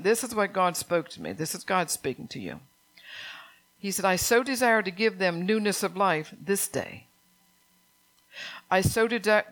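A woman's voice: mid-range voice, a bit bright. An older woman preaching an earnest sermon, reading scripture aloud and asking her congregation questions.

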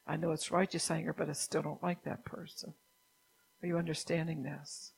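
A woman preaching a sermon who keeps asking the listeners if they understand, sometimes dropping into a soft whisper. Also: sits low, flat delivery, normal speed, vocal fry, breathy edge, poor audio. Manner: drops at times into a soft whisper.

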